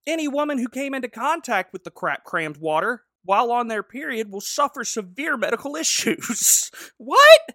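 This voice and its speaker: A man's voice: very high-pitched, expressive, normal speed, hardly any pauses, pushed and bright, no echo, clean studio sound. A man co-hosting a podcast, recapping a TV episode in a sarcastic, jokey way. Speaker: podcast co-host. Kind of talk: casual chat recapping a TV episode.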